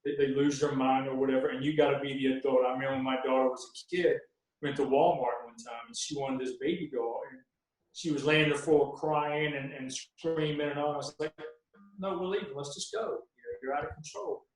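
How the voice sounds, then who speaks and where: In a very echoey room, a veteran basketball referee tells stories during a podcast interview, speaking a little fast in a flat, mid-range voice. He's a folksy storyteller who acts out the sideline exchanges and what he says to coaches.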